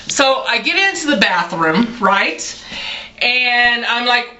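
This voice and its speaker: Slow-talking bright woman in her forties. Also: on the high side, slight background noise, poor audio. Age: 40s. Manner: animated, chatty storyteller, addresses viewers directly. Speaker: vlogger. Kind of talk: casual storytelling to camera.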